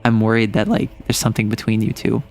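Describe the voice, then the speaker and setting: A man's voice: lowish voice, flat delivery, fast talker, gravelly, a little mellow, faint music behind, pitched below the performer's own voice. A man voicing an anxious, earnest teenage schoolgirl in a casual retelling, staying close to his own voice. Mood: worried.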